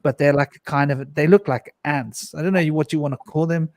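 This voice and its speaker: A man's voice: on the high side, moderate pace, dry recording. A man on a discussion panel, earnestly recounting a personal mystical experience, with frequent restarts and repeated words. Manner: earnest, intense storytelling with frequent restarts and repetitions.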